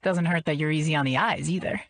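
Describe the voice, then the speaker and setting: A woman's voice: low-pitched, fast talker, dry recording. A woman voicing a pushy, overfamiliar man flirting at a party, in a smarmy tone.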